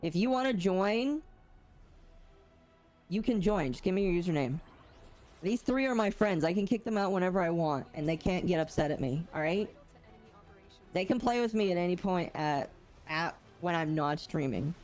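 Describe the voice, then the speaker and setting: A woman with a lowish voice chats casually while she streams a game. She answers her chat and makes playful jokes. Faint game music plays underneath her. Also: expressive, normal speed, pauses often, darkish tone. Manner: chatty, reads and answers chat, playful puns.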